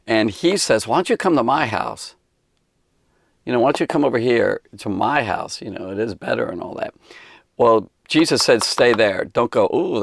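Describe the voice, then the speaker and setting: A man's voice: medium pitch, gravelly, no echo, clean studio sound. A man giving a casual Bible lesson for kids, rambling and conversational with many fillers and restarts. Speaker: Bible teacher.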